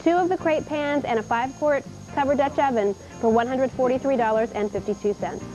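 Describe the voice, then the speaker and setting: A bubbly young woman from Indiana hosts a live shopping show, her voice pitched on the high side. She chats warmly with callers and pitches cookware with upbeat patter. The sound is a dull 1990s broadcast tape with faint music underneath. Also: brisk. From Indiana, USA. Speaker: home shopping host.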